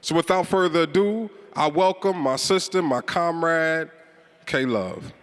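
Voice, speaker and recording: A man's voice: a little high, lively intonation, a little slow, noisy background. A man from Chicago with a Chicago accent, hosting a live event and rallying the crowd with call-and-response. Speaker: event host. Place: large event hall. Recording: reverberant hall.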